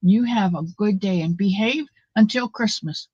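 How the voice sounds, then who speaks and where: A woman's voice: medium pitch, normal speed, mellow, slightly rough, no echo, natural voice. A woman voicing a kindly, motherly Mrs. Claus who coaxes a child to be good, in dull lo-fi livestream audio. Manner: motherly, coaxing children to behave.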